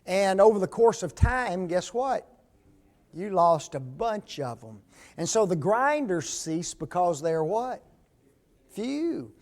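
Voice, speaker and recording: A man's voice: sits high, very animated, takes it slowly, darkish tone. A man preaching a folksy sermon in a church, often putting questions to the congregation.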